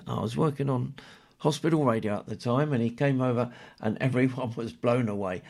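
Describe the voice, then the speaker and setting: An older man presenting a radio show, chatting and reminiscing in a rambling way with many pauses and fillers. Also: mid-range voice, creaky, darkish tone.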